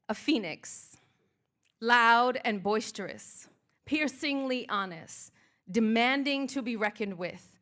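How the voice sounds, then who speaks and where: A woman's voice: mid-range voice, a bit bright. A woman motivational speaker performing spoken word live, leading the crowd in rhythmic, declarative affirmations. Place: art museum event space.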